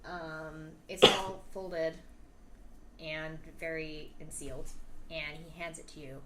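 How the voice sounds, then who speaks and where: A woman's voice: low voice, little pitch movement, takes it slowly, sharp tone, slight background noise, poor audio. Woman game master narrating a tabletop game. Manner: rambling with fillers and restarts.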